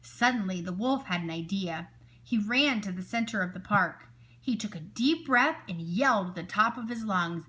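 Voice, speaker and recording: A woman teacher reading a picture book aloud to children, expressive and asking her listeners questions. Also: medium pitch, normal speed.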